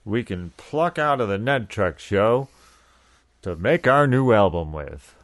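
A man's voice: lowish voice, animated, takes it slowly. A man co-hosting a podcast, bantering casually and laughing often as he jokes around. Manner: laughs often, jokey and rambling. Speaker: podcast co-host.

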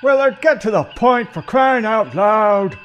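A man's voice: sits high, expressive, measured pace, a bit bright, muffled recording, a little hiss or hum. A man voicing an impatient male officer who hurries the others along in a comedy audio play. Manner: brusque, impatient. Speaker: voice actor.

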